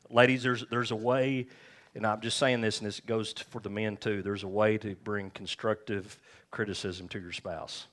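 A man's voice: fairly low pitch, a bit bright. A man preaching a sermon as pastor, folksy and joking, calling on the congregation for amens. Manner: calls for amens from the crowd.

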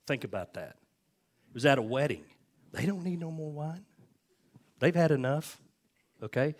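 A man's voice: mid-range voice, fairly bright tone. A man preaching a sermon, telling personal stories and asking the congregation "amen?" and "okay?" as he goes. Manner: conversational preaching, frequent "amen?" and "okay?" asides, storytelling. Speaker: pastor.

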